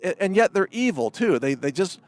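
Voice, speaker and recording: A man's voice: sits high, big pitch swings, brisk, no echo. A man delivering a combative political commentary monologue, speaking emphatically, repeating words and addressing his opponents directly. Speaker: commentary host.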